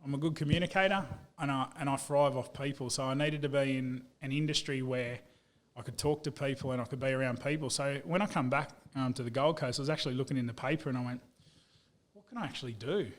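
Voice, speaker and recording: Brief: Aussie bloke, 30s, lively storyteller, mid-pitched, guest in a casual chat. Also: male voice, fast talker. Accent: Australian. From Australia. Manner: animated storyteller, says "mate" a lot. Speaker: guest, business owner.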